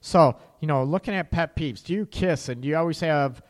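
A man's voice: fairly high pitch, brisk. A man hosting a casual livestreamed relationship talk, speaking candidly, laughing at his own slips and tagging sentences with "right?". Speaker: relationship talk show host.

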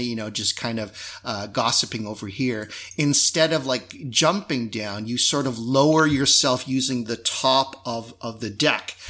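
Bright-voiced male game master. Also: medium pitch. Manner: relaxed, loose, full of fillers. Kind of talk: narrating a tabletop game.

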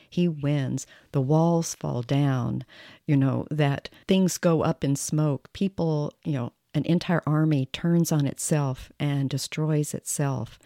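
Deep, mellow-voiced middle-aged woman. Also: dry recording, clean studio sound. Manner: earnest, preacherly, emphatic. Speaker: guest, the host's mother. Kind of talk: earnest faith testimony.

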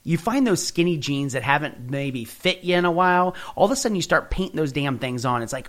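Animated man telling a story. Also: a little high. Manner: animated storytelling with quick acted quotes. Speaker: podcast host. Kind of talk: casual motivational talk.

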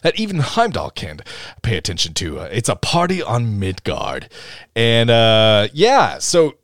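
A man co-hosting a podcast in casual chat, animated, laughing often and quoting scenes in goofy voices. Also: lowish voice, a little slow, no echo, clean studio sound. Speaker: podcast co-host.

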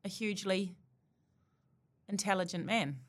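A woman's voice: mid-range voice, a little slow. A woman co-hosts a casual podcast chat in a mid-range voice. She is emphatic and probing, and she drives each point home with questions.

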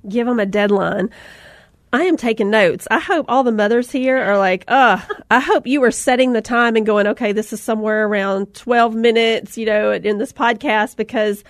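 A middle-aged woman hosting a podcast, a mother who chats casually, laughs often and pokes fun at herself while telling lively stories. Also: on the high side, normal speed, no echo, clean studio sound. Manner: laughing, self-deprecating, animated anecdotes.

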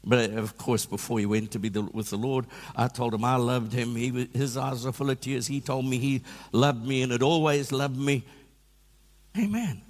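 A man preaching a sermon in a church, telling animated, self-mocking stories. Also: mid-range voice, normal speed, in a large hall. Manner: animated storytelling with self-deprecating humor. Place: church hall.

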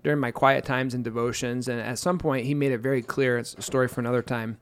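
A man in his thirties talks earnestly about scripture and family life with his wife, poking fun at himself and acting out snippets of their conversations. His voice sits at an ordinary mid pitch. The recording is dry and close, with no room sound. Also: fairly even intonation, fast talker, clear, resonant tone, dry recording. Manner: earnest, self-deprecating storyteller with playful quoted voices. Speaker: pastor and co-host. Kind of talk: casual chat on scripture.

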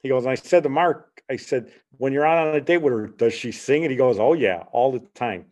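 An older man in his sixties hosts a casual chat show at a middling pitch. He tells meandering stories, chuckling as he goes and replaying old conversations line by line. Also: brisk, darkish tone. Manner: rambling, anecdotal, chuckling, retells dialogue with "he goes". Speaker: podcast host.

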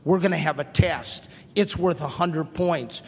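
A man voicing a stern female schoolteacher who speaks flatly and deliberately, in a long hall reverb. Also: on the high side, slightly rough, pitched below the performer's own voice.

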